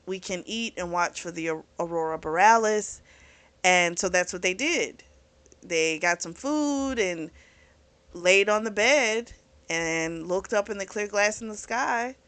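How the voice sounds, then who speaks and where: Woman, casual book review, frank and chatty, mid pitch, swears freely. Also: fairly bright tone, smooth. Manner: chatty and frank, swears freely, laughs at her own asides.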